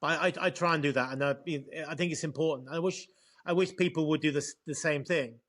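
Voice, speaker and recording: Halting Englishman with a higher voice. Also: a bit bright. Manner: halting, repeats words often. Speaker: co-host. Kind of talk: casual chat.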